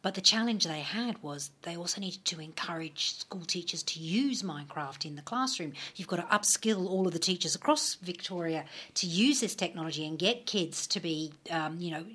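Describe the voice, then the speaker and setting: Australian female guest, radio interview, deep and clear. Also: expressive, normal speed, hardly any pauses, fairly bright tone. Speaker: studio guest, education program manager. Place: radio studio.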